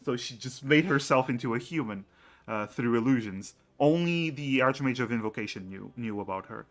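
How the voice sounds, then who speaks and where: A man acting as game master, explaining campaign lore in a halting way, with many fillers and restarts. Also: medium pitch, lively intonation, a bit bright, faint music behind.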